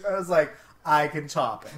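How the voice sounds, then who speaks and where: A man from the Pittsburgh area, casually telling a long story on a podcast, animated and swearing freely. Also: on the high side, moderate pace, far from the mic. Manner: animated, swears freely, acts out quotes in raised voices.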